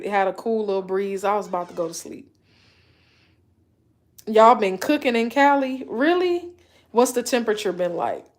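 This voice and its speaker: Slow-talking woman livestreaming. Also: medium pitch. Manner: animated storytelling, acts out quoted voices, laughs often. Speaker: livestream host chatting with viewers. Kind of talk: casual live chat, reading viewer comments.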